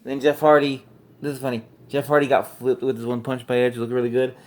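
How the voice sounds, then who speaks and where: A man's voice: medium pitch, little pitch movement, a little fast, a little mellow. Casting note: male wrestling reviewer, loose and rambling, self-correcting, mid-range voice. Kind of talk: casual recap commentary.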